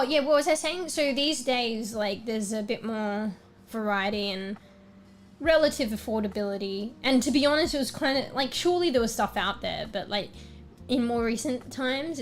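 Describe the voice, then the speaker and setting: A woman's voice: a little high, moderate pace, soft background music. A young woman with an Australian accent, chatting casually with her stream viewers. She rambles, fills her talk with fillers, and her voice is slightly worn. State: slightly losing her voice, clearing her throat. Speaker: livestreamer. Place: small room at home.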